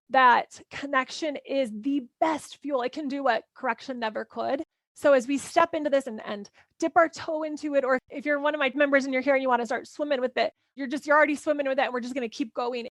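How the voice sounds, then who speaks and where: A woman's voice: sits high, no room sound. A woman parenting coach teaching a live workshop in a casual, chatty way, full of "like" and "right?".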